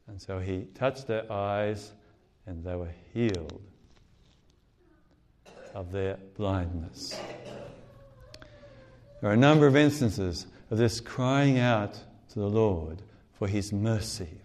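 A man's voice: fairly low pitch, measured pace, pauses often, darkish tone. A man preaching a sermon in a church sanctuary, speaking earnestly and acting out the cries of gospel figures.

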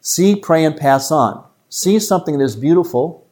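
A man, a priest giving a retreat talk to a live audience in an earnest, emphatic way with quick asides. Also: a little high, animated, a little mellow.

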